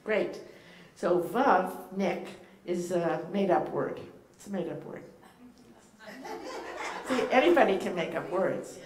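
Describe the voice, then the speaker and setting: Speaking slowly in a lowish, slightly mellow, expressive voice, a woman with a Boston accent preaches informally as a guest rabbi in a church sanctuary. She teaches with a playful touch and plenty of ums and uhs to the congregation, and the recording is echoey with faint noise behind her.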